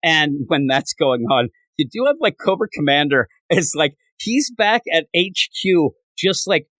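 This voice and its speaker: A man hosting a casual comic review, retelling scenes with quick character voices. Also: a little high, animated, a bit bright, no room sound. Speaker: comic book podcast host.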